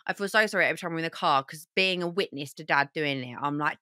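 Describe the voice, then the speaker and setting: Animated young woman, low bright voice. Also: brisk, few pauses, dry recording, clean studio sound. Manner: animated, exclaims, acts out quotes in a high voice. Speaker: podcast co-host. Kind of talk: casual chat.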